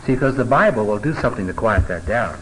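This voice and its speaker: A man's voice: fairly low pitch, animated, fast talker, a bit bright, a little hiss or hum, poor audio. A middle-aged man teaching a Bible passage in a folksy, conversational way, with joking asides and filler words.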